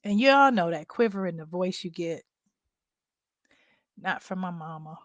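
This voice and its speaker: A woman's voice: on the low side, expressive, moderate pace, dry recording. A middle-aged woman caregiver candidly telling viewers a personal story in a casual vlog. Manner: candid, conversational, addresses viewers as y'all. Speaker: family caregiver.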